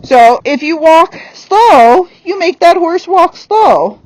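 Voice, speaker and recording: A woman's voice: very high voice, lively intonation, slow, poor audio. A woman horse trainer giving a hands-on lesson while working a horse on the ground, blunt and firm.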